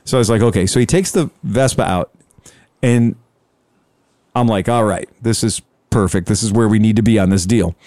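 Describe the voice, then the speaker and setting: A man's voice: fairly low pitch, moderate pace, warm tone, dry recording, studio quality. A man telling a long sales story in casual chat, acting out both sides of the conversation. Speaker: scooter dealer telling a story.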